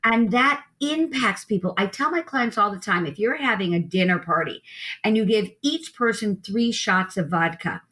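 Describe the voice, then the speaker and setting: A woman lactation consultant talks through an interview with steady, emphatic energy. She paints lively scenes from her office and leans on the host's name to drive points home. Her voice sits at an ordinary middle pitch. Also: moderate pace. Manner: emphatic, animated storyteller who addresses the host by name. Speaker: herbalist and lactation consultant, guest. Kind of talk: interview conversation.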